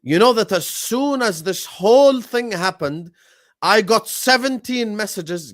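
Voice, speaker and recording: A young man hosting a football fan live stream, talking casually, animated and repetitive as he rants at his chat. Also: sits high, a little slow, no echo, clean studio sound. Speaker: football fan show host.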